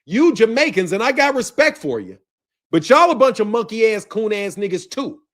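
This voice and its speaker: Male commentator, profane off-the-cuff rant, high voice, swings all over in pitch. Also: very animated, moderate pace. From United States. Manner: loud, profane, laughs between lines, fired up. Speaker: boxing channel commentator.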